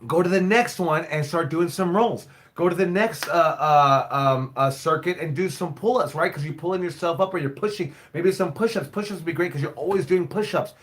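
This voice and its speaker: A man's voice: fairly high pitch, fairly quick, hardly any pauses. A man who owns and coaches a wrestling school, answering viewer questions in a casual live stream, rambling, repeating himself and swearing now and then.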